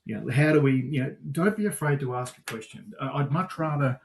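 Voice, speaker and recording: An Australian man answering interview questions casually, lively and animated, getting worked up as he tells stories. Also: mid-range voice, fairly quick, vocal fry, a little hiss or hum. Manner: animated storyteller, gets worked up. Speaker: guest, supplier sales manager.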